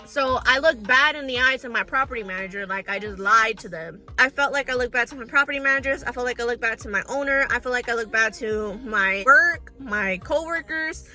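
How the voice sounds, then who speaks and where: A young woman with a high, bright voice tells a personal story straight to her viewers. She talks in a chatty, exasperated way, calling them y'all and girl. Faint music sits under her voice. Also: fairly quick, few pauses. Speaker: storytime vlogger.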